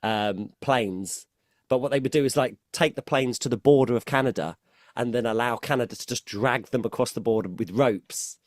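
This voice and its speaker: A man's voice: mid-range voice, normal speed, dry recording, studio quality. Hesitant man in casual chat. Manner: hesitant, lots of likes and ums. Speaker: podcast guest.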